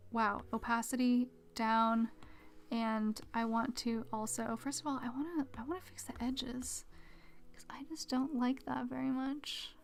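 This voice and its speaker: A woman with a fairly high-pitched voice streams herself drawing, chatting casually with viewers, reading chat aloud, and muttering quietly to herself as she works. She speaks into a desk mic with a pop filter.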